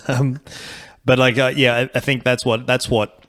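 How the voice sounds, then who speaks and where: A comedian chatting loosely on a podcast, rambling, swearing and laughing often. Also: male voice, medium pitch, level tone, a little slow, a bit bright. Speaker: comedian guest. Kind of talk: casual podcast chat.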